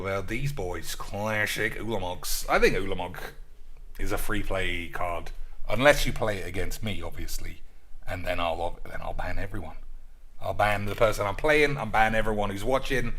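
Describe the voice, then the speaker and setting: A man's voice: on the low side, sharp tone. A man streaming as he builds a card game deck, rambling, joking, swearing and chatting to his audience in a casual way.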